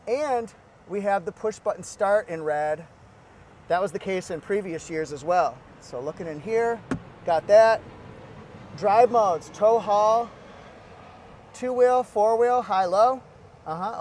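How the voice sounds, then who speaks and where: Upbeat high-voiced man reviewing cars. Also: darkish tone. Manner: upbeat and playful, jokey asides. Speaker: car reviewer. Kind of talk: walkaround vehicle review.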